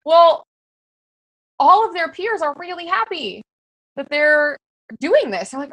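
A fitness business coach gives a casual teaching talk to fellow coaches, very chatty and full of filler words. Her high, fairly bright voice has lively intonation at a normal speed. There's no echo, but the recording is rough.

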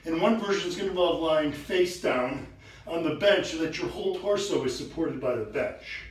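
A man coaching a workout tip, energetic and instructive, out of breath from training. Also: a little high, moderate pace, echoey room, recorded from a distance, a little hiss or hum, rough recording. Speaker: fitness coach. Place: gym.

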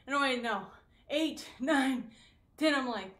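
A woman's voice: medium pitch, moderate pace, fairly bright tone. Chatty woman streaming her workout, far from mic. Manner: chatty, counting reps between breaths. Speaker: fitness streamer. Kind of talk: live-streamed workout chat. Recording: roomy sound, mic at a distance.

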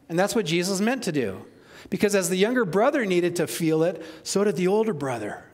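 A high-voiced male pastor preaching in an animated, chatty way, putting questions straight to his listeners. His voice rings with the long reverb of a church sanctuary. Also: brisk. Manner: animated, conversational, asks the congregation questions. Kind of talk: sermon.

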